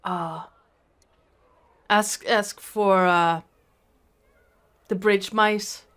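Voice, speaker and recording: A woman voicing a dockside local in an improvised tabletop game, halting and full of restarts. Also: mid-range voice, steady tone, a bit bright, clean tone. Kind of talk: improvised tabletop role-play.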